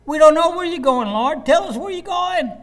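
A man voices a whiny, confused male disciple in a sermon, pitching his voice extremely high, well above his own. The delivery has lively intonation, a moderate pace and a fairly bright tone.

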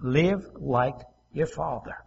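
A man pastor preaching a sermon, swinging from loud emphasis to soft asides and acting out quoted voices. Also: on the high side, slow pace, gravelly, muffled recording, a little hiss or hum.

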